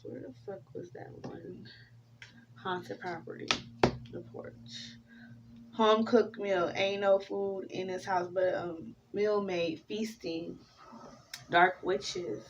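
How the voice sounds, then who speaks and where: A woman giving a casual tarot reading, talking, swearing freely and drifting into animated stories. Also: medium pitch, far from the mic, highs cut off, slight background noise. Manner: profane, rambling, animated storytelling. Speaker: tarot reader.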